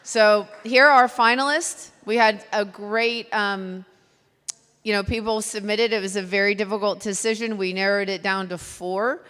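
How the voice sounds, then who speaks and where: Texan lady emcee, chatty, jokes on herself, smooth voice, big echoey hall. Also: medium pitch, fairly even intonation, normal speed, a bit bright. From Texas. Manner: chatty, self-deprecating, loose. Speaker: event emcee. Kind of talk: live event emcee remarks. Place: event hall. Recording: long hall reverb.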